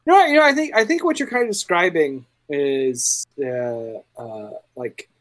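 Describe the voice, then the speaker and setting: A man's voice: fairly high pitch, lively intonation, measured pace, a bit bright. A man running a tabletop game in casual podcast chat, rambling and restarting his sentences with enthusiasm. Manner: rambling, self-interrupting, enthusiastic. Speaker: game master.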